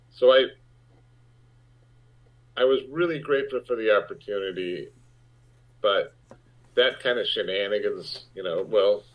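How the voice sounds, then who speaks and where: A man, an actor, speaking frankly in a conversational interview, halting with restarts and rising sharply when he makes a point. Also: low-pitched. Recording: muffled lo-fi audio.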